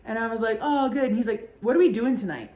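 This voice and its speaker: A woman's voice: a little high, fast talker. A young woman hosting a casual chat show, telling a story with lots of swearing and acted-out quotes. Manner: animated, swears a lot, acts out quotes in mocking voices. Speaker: podcast host.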